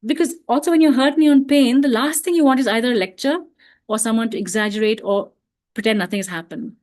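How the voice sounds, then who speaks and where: A woman with a fairly high voice speaks gently and reflectively, explaining her ideas at an easy pace. She often says "you know" and restarts her sentences as she thinks aloud. She sounds like she is speaking over a video call. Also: fast. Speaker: parenting talk speaker. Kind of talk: online parenting talk.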